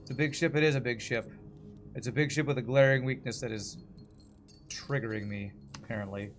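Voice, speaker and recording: A man's voice: medium pitch, fairly even intonation, brisk, a little hiss or hum. A man streaming a video game, commenting live in a frustrated, swearing rant while apologizing to the ship's designer.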